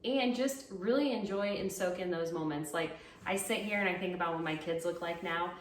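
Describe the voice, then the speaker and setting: A woman's voice: lowish voice, brisk. A woman in her thirties, a podcast guest, talking openly and upbeat with frequent "like". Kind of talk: candid interview talk. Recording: roomy sound, distant mic, faint noise.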